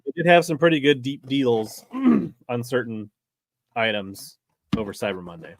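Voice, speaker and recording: A man's voice: mid-range voice, animated, measured pace. A man hosting a casual chat, easygoing and critical, with frequent fillers like "like" and "uh". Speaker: channel host.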